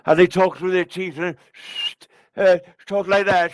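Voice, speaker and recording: A man's voice: high voice, steady tone, unhurried, no room sound. A man making scornful, foul-mouthed running commentary over news clips. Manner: profane, scornful, mimics with shushing. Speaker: vlogger reacting to news clips. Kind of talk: casual mocking commentary.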